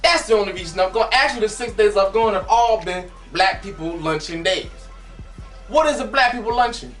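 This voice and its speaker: A man delivers a satirical comic monologue, animated and given to sudden shouted bursts. He sounds set back from the microphone in a reverberant space. Soft music plays underneath. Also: high-pitched, a little fast. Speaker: comedian host. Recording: echoey, from a distance, faint music.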